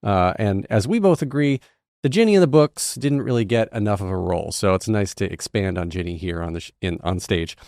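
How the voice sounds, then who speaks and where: A man's voice: on the low side, fairly quick, darkish tone, no room sound, clean studio sound. A man hosting a theatre podcast, chatting casually with a playful, self-deprecating manner. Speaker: podcast host. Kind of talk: casual interview chat.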